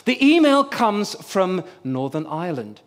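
Guy giving a sermon, pretty high voice, funny animated storytelling. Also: unhurried. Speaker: preacher.

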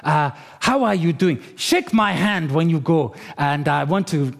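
A man's voice: fairly high pitch, animated, a little slow, gravelly, long reverb tail. A man voicing a friendly Nigerian churchman with a Nigerian accent, greeting someone effusively.

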